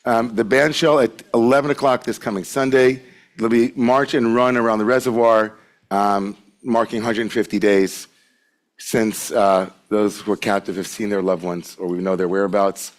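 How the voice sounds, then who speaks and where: A man's voice: on the low side, fairly even intonation, normal speed. A man leading a Friday evening service, welcoming people and giving announcements in a chatty, joking way. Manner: chatty and joking, with many filler 'likes'. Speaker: service leader at a congregation. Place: sanctuary with a congregation present.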